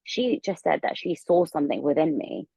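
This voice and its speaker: A young woman telling a long story as a podcast guest, rambling and animated with plenty of fillers. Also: low voice, normal speed, gravelly, slightly rough, no echo, poor audio. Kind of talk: casual storytelling interview.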